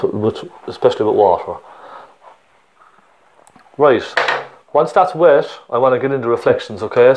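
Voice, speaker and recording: A man's voice: mid-range voice, a little mellow. A man with a Cork Irish accent teaching a painting lesson step by step, chatty and encouraging, often checking in with the viewer.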